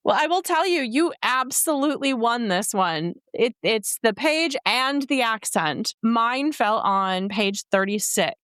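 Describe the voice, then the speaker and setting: A woman's voice: a little high, animated, fairly bright tone, no echo, clean studio sound. A woman co-hosting a romance book podcast, blunt and playful in casual chat. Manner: blunt, playful, quick to dismiss. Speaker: podcast co-host reviewing romance novels.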